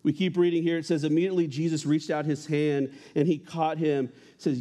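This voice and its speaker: A young man preaches to a church congregation in a loose, conversational way. His voice sits a little high, and he slips in jokes and asides between the readings. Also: level tone, fairly quick, few pauses, dark tone. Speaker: pastor. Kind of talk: casual sermon.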